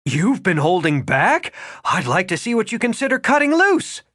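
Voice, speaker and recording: A guarded, proper young woman who is quick to bristle, as a male narrator puts her on. The voice sits high and lively, rising and falling sharply. It is recorded close and dry, in an audiobook. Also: dry recording, full character voice. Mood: indignant. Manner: indignant, clipped, rising to a high pitch. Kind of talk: audiobook character voice.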